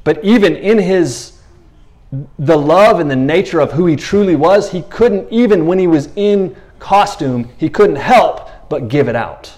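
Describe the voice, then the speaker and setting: A man preaching a sermon in a conversational, animated way, acting out the voices of the people in the stories he tells. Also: fairly high pitch, measured pace.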